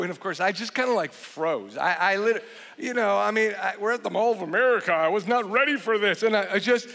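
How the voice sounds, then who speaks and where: A man in his forties preaching a sermon as a pastor, animated and joking, with frequent restarts. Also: high-pitched, brisk. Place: large church hall. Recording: long hall reverb.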